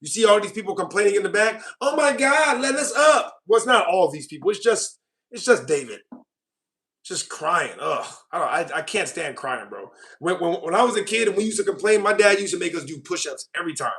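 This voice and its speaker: A man's voice: sits high, animated, fairly quick, fairly bright tone. A young man hosting a casual livestream, ranting at and mocking his chat. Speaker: livestream host.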